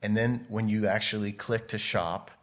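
A man with a low, deep voice talks loosely through a podcast interview. He rambles, cuts himself off and restarts mid-thought, like a guest telling stories from his working life. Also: fairly even intonation, normal speed. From United States. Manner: rambling, self-interrupting storyteller. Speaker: podcast guest, model and photographer. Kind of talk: casual interview chat.

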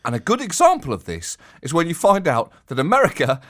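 Theatrical bright-voiced comedy host man. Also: sits high, huge pitch swings, moderate pace. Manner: theatrical, mock-outraged, swearing for emphasis. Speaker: podcast host. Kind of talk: comic podcast banter.

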